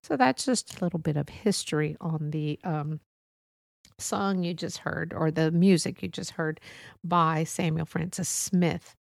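Woman hosting a solo podcast, lowish creaky voice, loose and musing with lots of ums. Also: a little slow, no room sound, clean studio sound. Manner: rambling, musing, many fillers and restarts. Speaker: podcast host. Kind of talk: casual solo podcast monologue.

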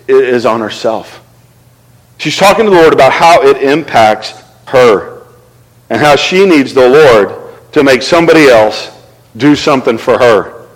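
A male pastor preaching a sermon in an animated, conversational way, asking the crowd to respond. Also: a little high, long reverb tail, low-quality recording.

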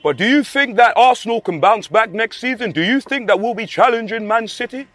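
Upbeat fan-channel presenter put on by a man, quizzing fans, high and animated. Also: brisk, faint music behind. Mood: presenting. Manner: presenter-style questioning. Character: male fan-channel interviewer, brisk and upbeat. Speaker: mock interviewer.

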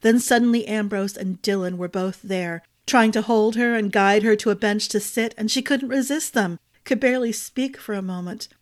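A woman's voice: medium pitch, normal speed, hardly any pauses. Woman narrating a fantasy audiobook. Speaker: storyteller.

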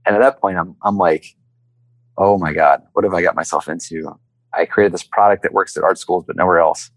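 An entrepreneur sits for an interview, recounting his story in a relaxed, chatty way and performing the voices of the people he quotes. His voice is deep and slightly fast. The recording is rough but has no echo.

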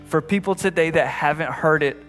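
A man's voice: a little high, moderate pace, soft background music. A man preaching a sermon as a pastor in a conversational way, often restarting and repeating phrases, building to emphatic passages. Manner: rises to emphatic, louder passages.

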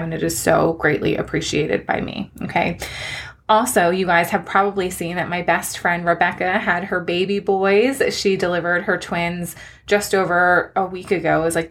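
Young woman doing a solo podcast update, gushy and encouraging, voice sits a bit low. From New Jersey. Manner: warm and gushing, encouraging, frequent laughs. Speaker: podcast host and online coach.

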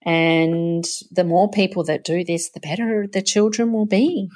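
A woman's voice: on the low side, fairly even intonation, unhurried, a little mellow. A woman, a nature play business owner, chatting as a guest, laughing often and getting emotional. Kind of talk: casual interview chat.

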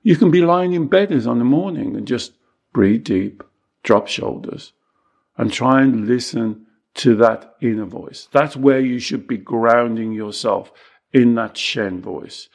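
A middle-aged man teaching spiritual ideas in a calm, measured way, slowing down to stress key points. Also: mid-range voice, gravelly. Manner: measured, reflective, slows down for emphasis. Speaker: Taoist teacher and coach.

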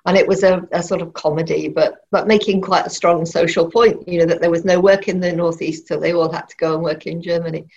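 A woman's voice: fairly low pitch, steady tone, a little mellow, dull audio. A middle-aged woman, a novelist, answering interview questions thoughtfully with frequent restarts. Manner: thoughtful, halting, many restarts.

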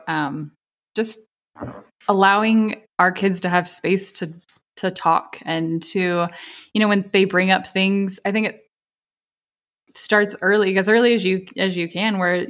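Thoughtful, halting woman guest. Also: on the low side, steady tone, a bit bright. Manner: thoughtful, halting, with many fillers and restarts. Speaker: guest, mother. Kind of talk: casual podcast conversation.

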